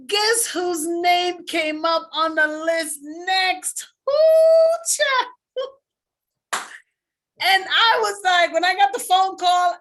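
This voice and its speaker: A woman speaking at a book launch, telling an animated story about a friend and breaking into loud exclamations. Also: a little high. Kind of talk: lively storytelling tribute.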